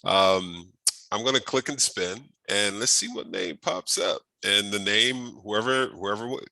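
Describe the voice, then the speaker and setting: Man, event host, upbeat and chatty, bright forceful tone, dry close sound, video call. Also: on the low side, measured pace, creaky, no room sound. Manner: upbeat, chatty, many fillers and restarts. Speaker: host of a workshop speaker series. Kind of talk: casual online event hosting.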